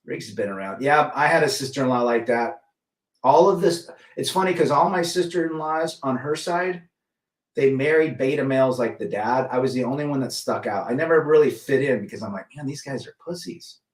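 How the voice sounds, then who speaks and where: A man's voice: mid-range voice, a little fast. A middle-aged man hosting a casual livestream, giving blunt opinions and greeting chatters by name. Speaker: livestream host reading chat. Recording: roomy echo, mic at a distance.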